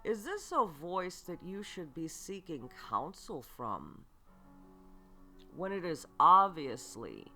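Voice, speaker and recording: A woman hosting a spiritual self-help podcast, speaking slowly and earnestly, asking the listener rhetorical questions and checking in with "okay". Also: lowish voice, huge pitch swings, pushed and bright, faint music behind. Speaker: podcast host and psychic reader.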